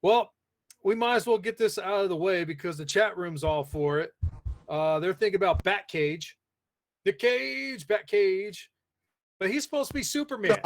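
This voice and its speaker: A man's voice: high-pitched, lively intonation, brisk. A man hosting a casual live podcast, rambling with lots of fillers as he reads the chat aloud. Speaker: podcast host.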